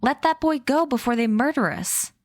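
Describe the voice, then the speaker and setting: A woman's voice: medium pitch, normal speed, no echo, studio quality, natural voice. A woman voicing a mischievous, proper invisible boy in a read-aloud story, with a pleased-with-himself delivery. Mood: alarmed.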